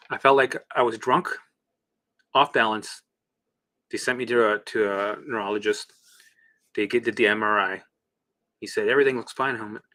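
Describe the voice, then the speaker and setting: A man's voice: fairly low pitch, sharp tone. A man talking casually as a recovery coach, blunt and swearing freely, acting out his own past reactions. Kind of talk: casual monologue.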